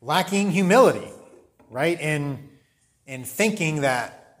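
A man's voice: fairly high pitch, animated, slow pace, slight background noise. A man teaching a Bible study class in a conversational way, often checking in with the listeners.

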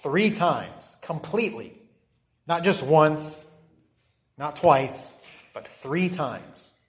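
A man's voice: a little high, expressive, very slow. A man teaching a Bible study class in a conversational way, often checking in with the listeners.

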